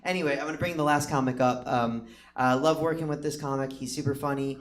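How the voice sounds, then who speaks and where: A man's voice: medium pitch, fairly even intonation, fast talker. A man hosting a comedy show, making loose, rambling asides and hyping the crowd between acts. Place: comedy theater stage. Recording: echoey stage with background noise.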